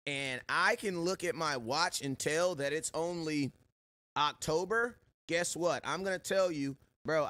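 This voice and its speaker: A man hosting a sports live stream, giving loud, slangy shout-outs to viewers in casual chat. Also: on the high side. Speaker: sports show host.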